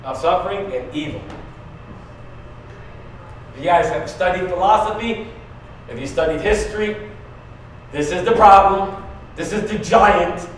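A man preaching a conversational sermon, going from quiet to loud, asking the congregation questions and laughing often. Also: high voice, a little slow, pauses often, a little hiss or hum. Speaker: pastor. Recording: very echoey room, mic at a distance.

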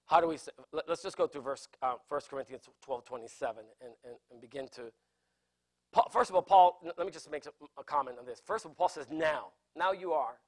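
A male pastor teaches from scripture in an earnest sermon style. His voice sits fairly high for a man, and he repeats key phrases as he builds emphasis. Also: brisk.

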